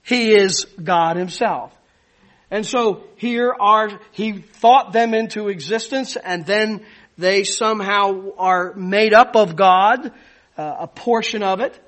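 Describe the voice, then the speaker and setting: A man preaching a sermon as pastor, teaching with lively rhetorical questions. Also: high-pitched, slow pace.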